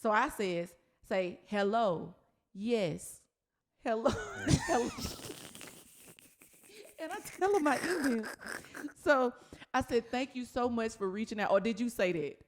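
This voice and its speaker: A woman hosting a podcast in casual chat, telling a story with animated energy and frequent laughter. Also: on the high side, a little slow. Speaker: podcast host.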